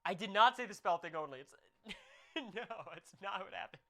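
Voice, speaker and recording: A young man streaming, chatting casually with viewers and telling a jokey, animated story. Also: sits high, normal speed.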